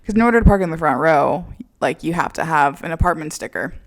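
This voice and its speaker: A woman's voice: low voice, animated, quick pace. A young woman in her twenties co-hosting a podcast, chatting casually and teasing her friend. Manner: teasing, playful commentary. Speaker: podcast co-host. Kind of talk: casual chat.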